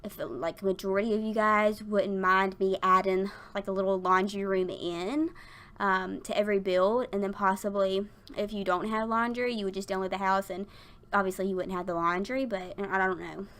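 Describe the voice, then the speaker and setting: In a casual voiceover recorded at her desk at work, a young woman who makes Sims build videos on YouTube talks over her build in a rambling way, full of fillers and giggles and slightly breathless. Her delivery is flat at normal speed, with a medium pitch and a fairly bright tone.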